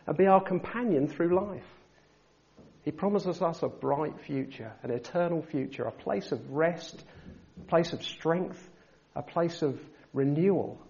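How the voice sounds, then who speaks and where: A man preaching a sermon, asking his listeners rhetorical questions and building to loud, emphatic passages. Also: on the high side, highs cut off.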